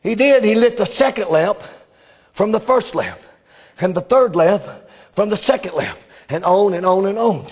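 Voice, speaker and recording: Preacher guy, high raspy voice, gets loud and fiery in the sermon. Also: expressive, normal speed, long pauses. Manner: fervent, rising into shouted exclamations.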